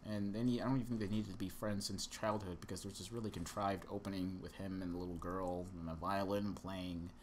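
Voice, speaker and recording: A young man co-hosts a casual podcast, talking through a movie plot in a rambling, sarcastic way packed with fillers. His voice is low-pitched and steady, and he speaks fairly quickly with few pauses over slight background noise.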